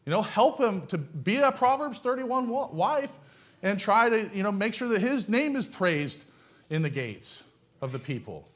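Male preacher, high voice, folksy and blunt, pounds points home with rhetorical questions. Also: very animated, measured pace. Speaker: pastor. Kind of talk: sermon.

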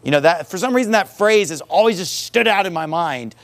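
A man's voice: high voice, expressive, brisk, a bit bright. A man preaching a sermon, emphatic and leaning on rhetorical questions.

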